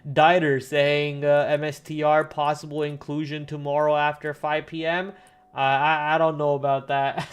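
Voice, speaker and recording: A man's voice: a little high, completely flat delivery, moderate pace, clear, resonant tone. A man hosting a stock-trading livestream, talking casually and thinking aloud, with many fillers and restarts. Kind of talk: casual market commentary.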